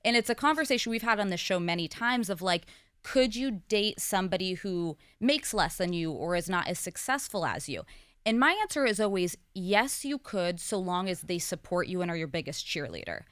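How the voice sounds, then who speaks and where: Articulate woman, clear close voice. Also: lowish voice, lively intonation, fairly bright tone, dry recording. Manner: candid and quick, with frequent laughs and fillers. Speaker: co-host and guest. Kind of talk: casual podcast conversation.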